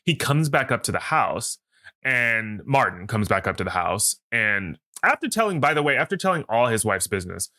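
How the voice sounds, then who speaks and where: Bright-voiced man rambling through a film recap. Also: fairly low pitch, normal speed. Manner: rambling, animated retelling full of fillers. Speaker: podcast co-host. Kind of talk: casual chat about a film.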